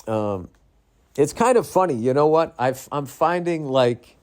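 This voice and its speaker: A man's voice: a little high, a little slow. A middle-aged man hosting a podcast, telling rambling comic stories in a tired, profane, casual way, now and then imitating voices. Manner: profane, rambling, animated storytelling with mimicked voices. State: tired, yawning. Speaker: podcast host. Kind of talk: casual comedic monologue.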